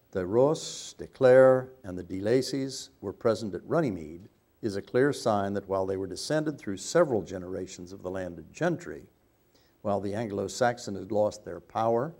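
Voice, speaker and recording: Older american guy giving a talk, lowish voice, dry jokes and little asides. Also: a little mellow. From United States. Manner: wry, anecdotal, with asides and self-corrections. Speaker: speaker. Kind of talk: speech to an audience.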